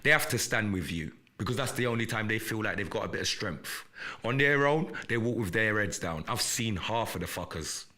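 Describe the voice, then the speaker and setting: Defiant, profane man with a sharp voice. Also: fairly low pitch, lively intonation, brisk. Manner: profane, defiant, repetitive and threatening. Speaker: live podcast host. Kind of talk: confrontational livestream rant.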